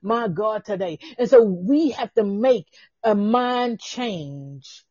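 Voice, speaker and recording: A woman's voice: mid-range voice, expressive, slow pace, warm tone, husky, dry recording, lo-fi sound. A woman pastor preaching a fervent podcast sermon, with repeated exclamations and bursts of speaking in tongues, who laughs at herself and talks straight to the listeners.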